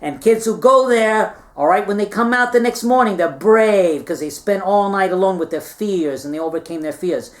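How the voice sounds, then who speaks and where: A man's voice: sits high, normal speed, few pauses. A man telling a history story in a meandering, chatty way, with playful asides and frequent check-ins with his listeners. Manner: chatty, meandering, keeps checking in with "all right?". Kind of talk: rambling casual history retelling.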